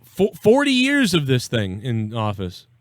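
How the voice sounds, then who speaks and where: A man's voice: mid-range voice, huge pitch swings, measured pace, no echo, studio quality. A man hosting a casual live call-in show, rambling and profane, laughing easily. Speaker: live show host taking calls.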